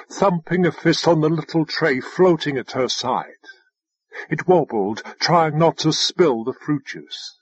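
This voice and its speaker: A man reading scripted fiction narration in a measured storytelling manner. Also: a little high, lively intonation, breathy edge, no echo, dull audio. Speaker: audiobook narrator.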